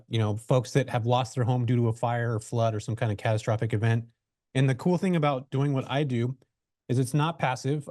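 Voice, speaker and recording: A man with a mid-range, dark-toned voice speaks as a real estate investor guest on a webinar interview. He tells his story loosely and conversationally, full of fillers and restarts. The video call mic gives studio-quality sound with no room sound.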